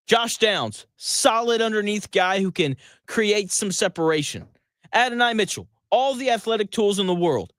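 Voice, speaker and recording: A man's voice: high-pitched, a bit bright, no room sound, clean studio sound. A man hosting a sports radio show, talking in a sarcastic, exasperated way and laughing often. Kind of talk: sports talk monologue.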